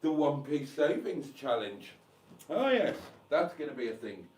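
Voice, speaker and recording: A man's voice: medium pitch, sing-song, measured pace, a little mellow. A man with a stuffy head cold chatting casually on a live stream from a caravan, reading comments aloud with dry, self-mocking asides. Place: caravan with gas fire.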